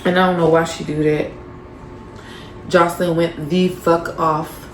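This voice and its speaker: Low-voiced woman recapping gossip. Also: level tone, a little slow, reverberant, a little hiss or hum. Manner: gossipy, profane, offhand with many fillers. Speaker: reality TV recap host. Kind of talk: casual episode recap.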